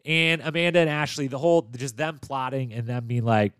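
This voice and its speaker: A man's voice: mid-range voice, fairly even intonation, fairly quick, few pauses, fairly bright tone, clean tone, no echo, studio quality. A man hosting a podcast, chatting casually through a recap of a TV episode in an upbeat, loose way with fillers and restarts. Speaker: podcast host.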